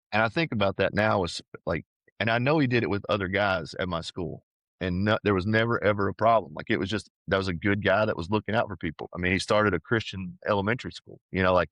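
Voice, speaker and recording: A man's voice: low voice, a bit bright, dry recording. A man being interviewed on a podcast, telling a personal story in a casual, earnest way and often saying "dude" and "man". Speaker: podcast guest, powerlifter.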